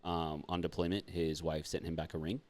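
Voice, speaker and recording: Fast-talking young man, low voice. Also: flat delivery, darkish tone. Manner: swears freely, laughs and jokes. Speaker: podcast host. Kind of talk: casual podcast chat.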